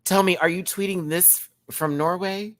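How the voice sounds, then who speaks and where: A man in his thirties, a drag queen, giving a sassy, animated casual review and laughing often while answering viewers. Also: sits high, normal speed. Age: 30s. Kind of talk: casual chatty episode review.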